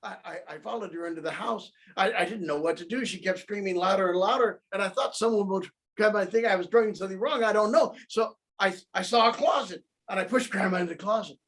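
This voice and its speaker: A man telling a story in the first person as the wolf, with an aggrieved, put-upon tone and lively character voices, recorded on a video call. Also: high voice, quick pace.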